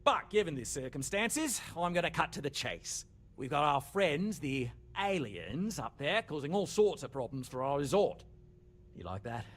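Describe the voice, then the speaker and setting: A man's voice: fairly high pitch, very animated, moderate pace, fairly bright tone. An actor playing an upbeat resort executive with an Australian accent, talking like a salesman in video game dialogue. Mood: salesy. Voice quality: chatty, salesman-like with chuckles.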